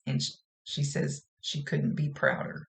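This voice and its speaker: A woman's voice: low voice, completely flat delivery, a little slow, vocal fry. A woman working as a psychic medium, giving a casual reading in a chatty, folksy, rambling way.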